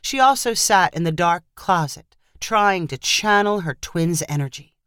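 A woman narrating a storybook in an expressive, animated reading style. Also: fairly low pitch, unhurried, clear, resonant tone, no room sound, clean studio sound.

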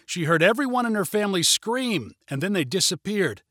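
A man narrating a children's adventure story in a measured, even reading. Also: sits high, dry recording, studio quality.

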